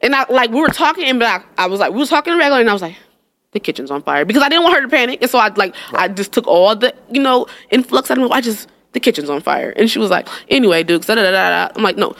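A woman's voice: fairly high pitch, lively intonation, racing, few pauses, a bit bright. A woman co-hosting a casual chat, telling stories with a sarcastic, laughing, profane manner. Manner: storytelling, sarcastic, swears and laughs often. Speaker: podcast co-host.

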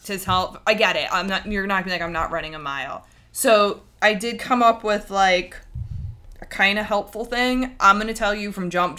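A woman co-hosting a podcast in a chatty, animated way. Her voice sits a little low and sounds bright and forceful. She slips into little quoted voices as she talks. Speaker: podcast co-host. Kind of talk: casual podcast chat.

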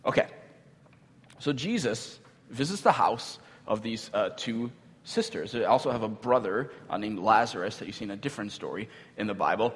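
A man's voice: fairly low pitch, lively intonation, normal speed. A male pastor giving a sermon in a casual, conversational way, with filler words and light laughs. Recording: long hall reverb.

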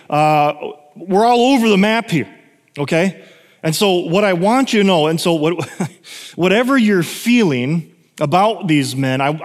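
A man gives a sermon to his congregation in an easygoing, conversational way, stopping to fix his own slips. His voice sits a little high for a man and rises when he stresses a point. The sound carries a long reverb from the church hall. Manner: casual, self-correcting, emphatic at points. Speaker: pastor.

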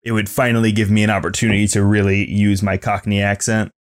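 A man co-hosting a casual podcast chat, jokey and quick to laugh at himself. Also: fairly low pitch, little pitch movement. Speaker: podcast co-host.

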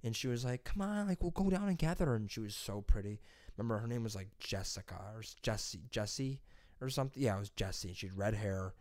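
A young adult man in casual podcast chat, swearing freely and telling animated stories with big jumps in pitch. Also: fast talker, no room sound, studio quality.

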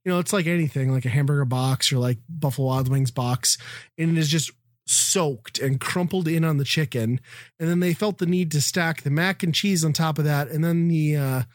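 A middle-aged man from the American Midwest tells a profane, exasperated story in casual chat. His voice runs on the high side at normal speed, recorded at studio quality with no room sound.

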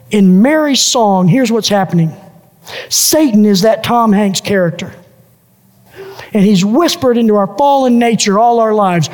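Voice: mid-range voice, darkish tone, big-room sound. A pastor preaching a sermon who builds each point through repeated lists and phrases.

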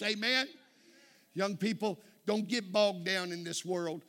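High-voiced preacher man, shouting. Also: unhurried, a faint crowd. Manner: preaching, rising to shouts at climaxes. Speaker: pastor. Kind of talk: sermon. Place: church. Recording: music behind the voice. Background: music playing.

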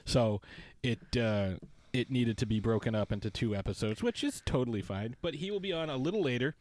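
A man's voice: mid-range voice, animated, brisk, a little mellow. A man co-hosting a podcast, talking in a playful, joking, rambling way. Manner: playful, jokey, rambling asides. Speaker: podcast co-host. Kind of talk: casual podcast banter.

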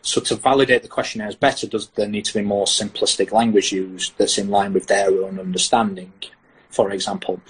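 A man's voice: fairly low pitch, slightly rough, poor audio. A British man, a sports science lecturer, talking through research in a podcast interview and acting out what athletes and coaches say. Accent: British English. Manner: animated, acts out athletes' and coaches' lines.

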